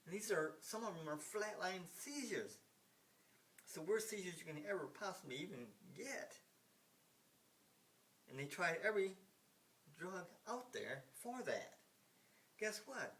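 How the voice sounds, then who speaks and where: A man's voice: fairly high pitch, expressive, unhurried, long pauses, a bit bright. A man in his sixties from the United States, rambling in a casual monologue with emphatic repetition, frequent restarts and the odd swear word. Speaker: vlogger. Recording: hissy, from some distance off the mic.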